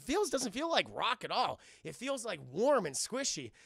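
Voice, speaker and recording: A man's voice: high voice, very animated, normal speed, creaky, fairly bright tone, slightly rough, no room sound, studio quality, voice pushed up, exaggerated voice. A man voicing a young space princess in a raised, anxious voice. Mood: uneasy.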